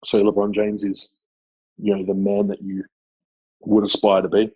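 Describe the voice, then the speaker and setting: Husky Australian man telling footy stories. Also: lowish voice, moderate pace, no room sound, highs cut off. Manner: animated storyteller, laughs often. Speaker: guest, former player. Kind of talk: casual chat.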